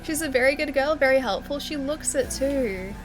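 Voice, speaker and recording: A woman's voice: high-pitched, lively intonation, normal speed. Chatty Australian woman streamer. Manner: chatty, giggly, reads chat aloud. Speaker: livestreamer. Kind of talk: casual chat while gaming.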